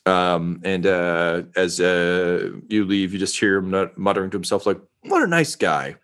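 A man acting as game master, narrating a tabletop game with a halting delivery and many fillers. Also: sits low, monotone, fairly bright tone, smooth.

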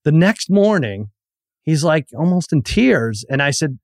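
A middle-aged man with a fairly high voice talks in a loose, rambling way on a podcast. He acts out what everyone said in his story. The sound is dry and close. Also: lively intonation, fairly quick, no echo. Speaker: podcast co-host. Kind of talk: casual chat.

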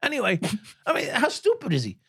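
A man's voice: extremely high pitch, huge pitch swings, fairly quick, gravelly, pushed and bright, no room sound, clean studio sound. A man in his sixties, a former police officer, telling stories as a podcast guest, swearing freely and laughing at his own tales. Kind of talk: profane storytelling in an interview.

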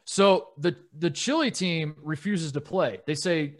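A man's voice: a little high, unhurried, few pauses. A man co-hosting a sports podcast, telling stories in a rambling, casual way with frequent laughs. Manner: rambling storyteller, laughs often. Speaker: podcast co-host.

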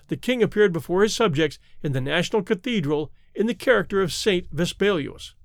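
A man reading a story aloud in expressive, lively audiobook narration. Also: sits high, no echo, studio quality.

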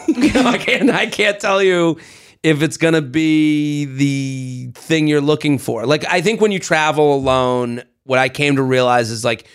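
A man with a somewhat high voice co-hosts a casual podcast. He tells stories with animated energy and swears freely as he goes. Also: unhurried, clear, resonant tone. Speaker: podcast co-host. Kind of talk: casual chat.

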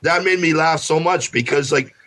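A man's voice: a little high, normal speed, a bit bright, rough recording. A man chatting casually on a podcast, rambling through anecdotes full of fillers and acted-out quotes. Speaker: podcast guest. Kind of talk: casual chat.

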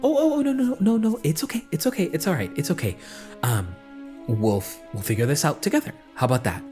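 A man's voice: mid-range voice, very animated, normal speed, soft background music, natural voice. A man voicing a female elf partygoer who is flustered, apologetic and stammers nervously. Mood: soothing. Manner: stammering, fussy, nervously polite.

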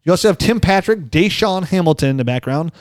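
A man's voice: fairly high pitch, expressive, fast, no room sound, clean studio sound. A man in his forties hosting a podcast, joking around and laughing often in casual chat. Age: 40s. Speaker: podcast host.

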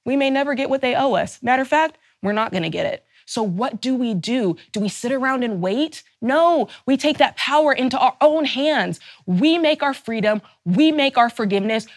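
A woman's voice: sits high, lively intonation, moderate pace, few pauses, no room sound, studio quality. A woman host giving a fervent, emphatic motivational talk, stacking rhetorical questions and openly angry on her listeners' behalf. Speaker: personal finance show host.

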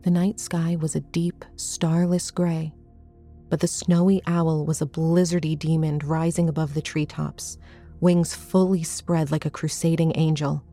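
A woman with a low, mellow voice reads a first-person horror story at a measured, suspenseful pace. Faint music plays softly behind her narration. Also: level tone.

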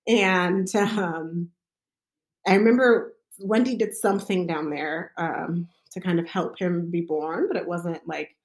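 A woman's voice: on the low side, fairly even intonation, slow pace. A woman who is a midwife casually telling her own birth story, chatty and full of fillers.

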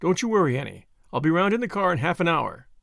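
A man's voice: fairly high pitch, very animated, fast, creaky, a bit bright, no room sound, studio quality, full character voice. A man voicing a brash, generous young American with an American accent and breezy, confident slang.

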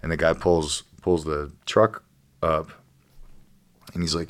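A man with a very low voice tells a story on a podcast, swearing freely and acting out what people said. The sound is close and dry, with no room around it. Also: brisk, pauses often, no room sound. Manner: profane, animated storyteller acting out quotes. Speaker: guest, professional fighter.

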